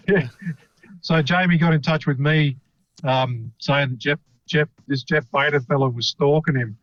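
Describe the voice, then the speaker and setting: A man's voice: a little high, a little slow, a bit bright, no room sound. A man chatting casually on a podcast, rambling and enthusiastic, swearing now and then. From Australia. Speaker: podcast co-host. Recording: dry, dull lo-fi podcast mic.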